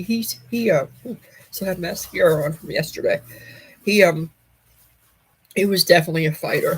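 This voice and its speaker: A woman talks straight to her viewers in a loose, rambling way. Her voice is husky and breathy, and her words come out heartfelt and heavy with grief. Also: low-pitched, poor audio. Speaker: vlogger. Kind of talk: casual personal update.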